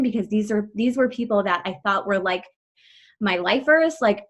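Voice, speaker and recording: A woman in her thirties speaks on a team call in a fairly high voice, her words tumbling out fast and breathless with many "like" fillers. Her voice shakes with emotion as she talks to her team. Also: fairly bright tone. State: voice shaking with emotion. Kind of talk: casual personal story on a team call.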